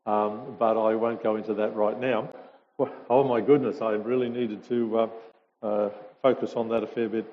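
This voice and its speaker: A man's voice: lowish voice, level tone, moderate pace. A man, a visiting speaker telling stories to a congregation in a chatty way with hesitations. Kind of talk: informal talk to a congregation. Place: church hall. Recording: dull lo-fi sound with a long hall reverb.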